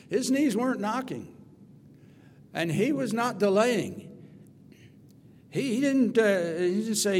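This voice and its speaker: A man preaching a sermon, retelling scripture with dramatic storytelling, swinging from loud emphasis to quiet asides. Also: high voice, big pitch swings, takes it slowly, pauses often. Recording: reverberant hall, faint hum.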